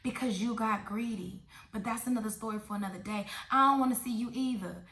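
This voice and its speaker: A woman's voice: fairly high pitch, brisk, fairly bright tone. A woman giving a blunt, sassy recap of a reality show, talking straight to her viewers. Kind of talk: casual opinionated show review. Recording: echoey room.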